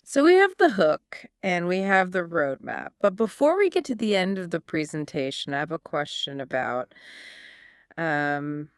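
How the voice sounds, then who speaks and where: A woman's voice: on the low side, big pitch swings, a little slow, smooth, dry recording, studio quality. A woman co-hosting a learning podcast, asking questions and repeating key points back in a scripted teaching dialogue. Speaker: podcast co-host.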